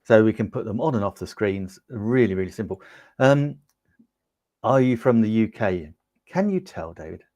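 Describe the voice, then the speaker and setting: An upbeat Englishman talks through a camera demo on his livestream, peppering it with ums as he chats to viewers. His voice sits fairly low. The sound is close and dry, from a lapel mic in a small home studio. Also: lively intonation, normal speed, mellow, dry recording. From United Kingdom. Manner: chatty and upbeat, with frequent ums, talking to viewers in the chat. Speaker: livestream host demonstrating gear. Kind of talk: casual product demo on a livestream.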